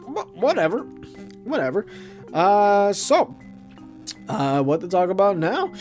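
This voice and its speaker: A man's voice: high voice, sing-song, slow pace, darkish tone, soft background music. A man hosting a late-night comedy podcast, chatting with hesitant, laughing delivery. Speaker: podcast host. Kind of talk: comedic skit chat.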